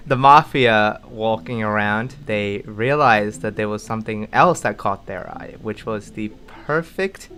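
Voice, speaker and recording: A man's voice: lowish voice, measured pace, bright, forceful tone. A man acting as narrator for a group party game, laughing often and setting scenes with dramatic storytelling lines. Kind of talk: casual group game chat.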